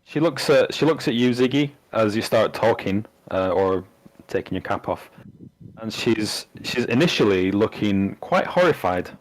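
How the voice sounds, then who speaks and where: A man's voice: fairly low pitch, expressive, moderate pace, dry recording, low-quality recording. A man narrating a tabletop game as game master, rambling and hesitant with many fillers.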